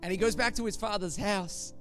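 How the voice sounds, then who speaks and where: High-voiced man preaching a conversational sermon. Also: fairly even intonation, brisk, a bit bright, soft background music. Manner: conversational, joking storyteller.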